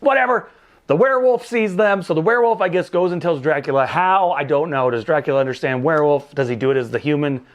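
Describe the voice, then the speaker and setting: A man's voice: a little high, fast talker, highs cut off. A man hosting a casual movie review show, recapping the plot with jokes, exasperated asides and casual swearing.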